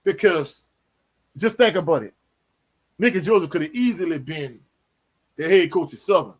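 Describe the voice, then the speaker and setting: A man, hosting a casual live sports Q&A, animated and slangy, often tagging on "you know what I'm saying". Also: a little high, normal speed, husky. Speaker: sports talk host.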